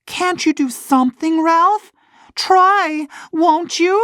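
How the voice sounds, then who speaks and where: A narrator voicing a lively young woman, teasing and then pleading, in an audiobook story. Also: on the high side, slow, breathy edge, pitched above the performer's own voice, exaggerated voice. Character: young woman engaged to the hero, playful. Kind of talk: audiobook character voice.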